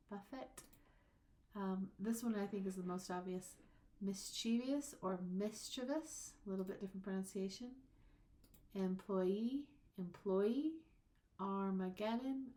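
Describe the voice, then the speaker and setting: A woman instructor giving a recorded lecture. She explains with patience and says her example words slowly, drawing them out. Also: mid-range voice, darkish tone. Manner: slow, drawn-out example words.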